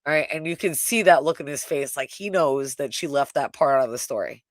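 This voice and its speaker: Woman doing a casual animated TV recap. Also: deep voice, fairly quick, dry recording, studio quality. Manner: animated retelling with frequent "like" and "right?", swears casually. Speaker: co-host reviewing a TV episode. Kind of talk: casual live recap chat.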